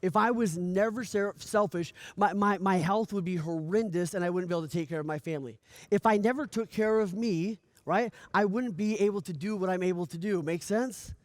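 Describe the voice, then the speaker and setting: A man giving a motivational coaching speech, energetic, often asking "right?" and acting out little dialogues. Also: high voice, brisk, no echo. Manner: energetic, repeats "right?" often, stammers on restarts; acts out dialogue in lively voices. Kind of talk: motivational talk.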